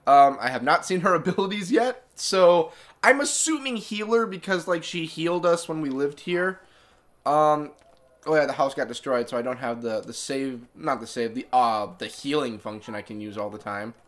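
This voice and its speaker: A man's voice: a little high, moderate pace, fairly bright tone. A man giving casual let's-play commentary, rambling and correcting himself as he goes. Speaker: gaming streamer.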